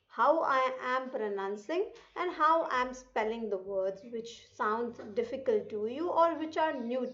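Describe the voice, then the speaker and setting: Slow careful Indian woman teacher. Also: high-pitched, highs cut off. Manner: slow, careful pronunciation drills. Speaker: English teacher. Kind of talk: reading lesson for children.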